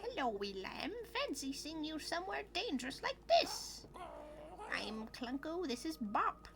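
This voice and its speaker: A woman's voice: high-pitched, very animated, a little slow, vocal fry, pitched above the performer's own voice, full character voice. A woman voicing a jolly, reckless gambling creature from a video game, reading its lines aloud in an upbeat, chummy way.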